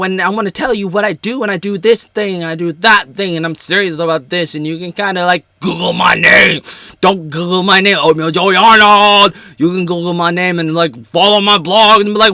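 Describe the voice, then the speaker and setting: Bright, high-voiced rambling man. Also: a little fast, no room sound, clean studio sound. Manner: rambling, self-interrupting, playful. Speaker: YouTuber. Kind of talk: rambling solo vlog.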